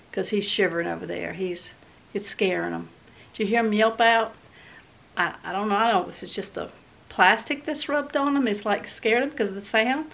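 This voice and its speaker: A woman's voice: medium pitch, gravelly. Chatty woman vlogging from home. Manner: chatty, rambling, folksy. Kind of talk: casual home vlog chat. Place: rural home and yard.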